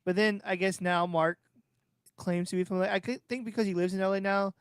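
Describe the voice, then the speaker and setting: Fast-talking high-voiced man, smooth tone. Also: fairly even intonation, dry recording, clean studio sound. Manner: quick, chatty, self-deprecating. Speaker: podcast co-host. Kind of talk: casual chat.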